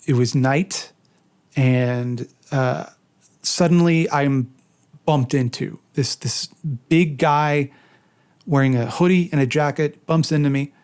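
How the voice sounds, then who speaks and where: A man's voice: fairly high pitch, a little mellow. A man, a video creator, answering fan questions in a casual, self-deprecating, joking monologue.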